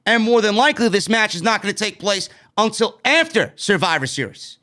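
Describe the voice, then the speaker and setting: A man's voice: high voice, big pitch swings, brisk, pushed and bright. A man reviewing a wrestling show in a casual, blunt way, swearing freely and sounding exasperated at what he dislikes. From New York. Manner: blunt, profane, exasperated commentary.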